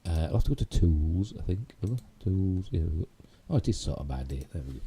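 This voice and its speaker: Low, dark-voiced Yorkshire man rambling. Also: very animated, brisk, slightly rough. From Yorkshire, England. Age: middle-aged. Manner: rambling, chatty, self-mocking asides. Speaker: YouTube host. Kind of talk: casual live-stream chat.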